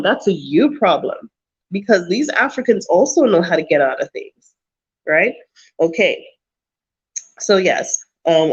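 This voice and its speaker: A woman of medium pitch gives viewers blunt advice in a casual livestream chat, sounding emphatic and preachy and repeating phrases for emphasis. The recording's highs are cut off.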